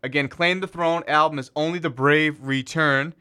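A man's voice: on the high side, fairly even intonation, normal speed, pushed and bright, smooth. A man hosting a metal radio show from a small station studio, talking loosely with fillers and self-corrections as he introduces tracks. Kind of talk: casual radio show patter.

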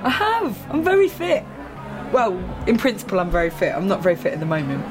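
A woman's voice: mid-range voice, huge pitch swings, brisk, music in the background, a crowd in the background. An actress playing an awkward, chatty young Englishwoman with an Estuary accent, who rambles and puts herself down, both in scenes and in voice-over narration. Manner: chatty, rambling, self-deprecating. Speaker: lead character and narrator. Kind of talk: TV comedy acting with voice-over narration.

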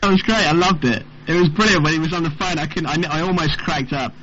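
Casual male co-host, eager, slightly high voice; lo-fi, crowd noise behind. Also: fast talker. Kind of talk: casual chat. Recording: dull lo-fi audio with crowd noise.

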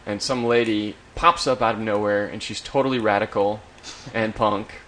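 A man's voice: fairly low pitch, fairly even intonation, normal speed, a bit bright, slight background noise. A man co-hosting a horror review podcast, retelling an episode's plot in a dry, sardonic way. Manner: sardonic, recaps plots with acted-out quotes. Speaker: podcast co-host. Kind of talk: casual review chat.

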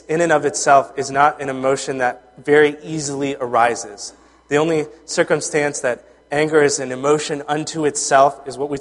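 A man delivering a sermon in an earnest, conversational way, his mid-pitched voice trailing off into fillers and restarts. His words ring out with a long reverb, as if spoken in a large church hall. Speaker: pastor.

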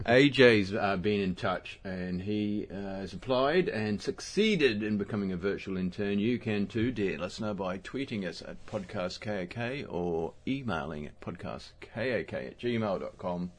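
A man's voice: on the low side, animated, unhurried, few pauses. A man co-hosting a podcast in casual chat, laughing often and rambling as he corrects himself. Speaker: podcast co-host.

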